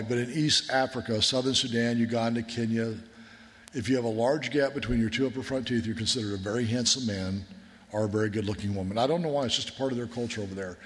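Man, military chaplain, sermon, conversational storytelling, mid pitch, long hall reverb. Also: a bit bright. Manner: conversational storytelling, earnest and folksy. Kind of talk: sermon with war stories.

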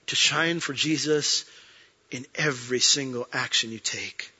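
A man preaching a sermon as a pastor, earnest, swinging between emphatic peaks and soft, quiet moments. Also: mid-range voice, takes it slowly, husky, highs cut off.

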